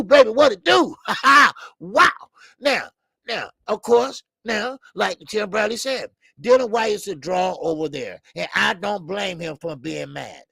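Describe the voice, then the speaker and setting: A man hosting a call-in boxing show, talking in an animated, profane way that repeats phrases for emphasis. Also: on the high side, creaky, husky, dry recording, clean studio sound. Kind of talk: animated casual commentary.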